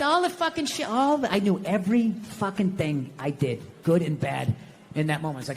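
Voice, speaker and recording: A man's voice: high voice, fairly quick, vocal fry, long reverb tail, a little hiss or hum. A middle-aged American man doing stand-up comedy, ranting profanely in an exasperated way and acting out quotes.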